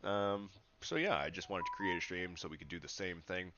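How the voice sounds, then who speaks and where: A man's voice: sits low, steady tone, a little fast, lo-fi sound, background noise. A man, a livestreamer who calls himself a spiritual teacher, chatting with his viewers in an upbeat, rambling way and laughing often. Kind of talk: casual livestream chat. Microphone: webcam setup.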